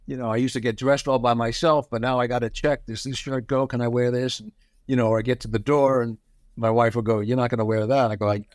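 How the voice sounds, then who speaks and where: Man, 60s, interview guest, animated anecdotes, mid-pitched voice, dry studio sound. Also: no echo. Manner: storyteller who acts out quoted voices, chuckling.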